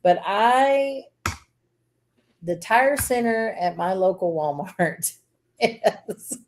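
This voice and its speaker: Woman, podcast co-host, chatty storyteller who laughs often, mid-pitched. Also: drawn-out words, a little hiss or hum. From Southern US. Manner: chatty storyteller, animated when telling stories, laughs often. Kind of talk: casual chat.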